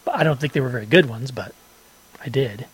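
A man co-hosting a podcast in casual chat, rambling and halting, often laughing. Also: mid-range voice, husky, rough recording. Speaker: podcast co-host.

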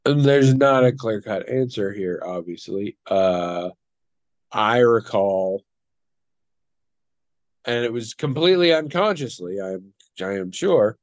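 A man's voice: lowish voice, no room sound. Man, casual chat, thoughtful, hesitant, dry close sound. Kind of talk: casual discussion.

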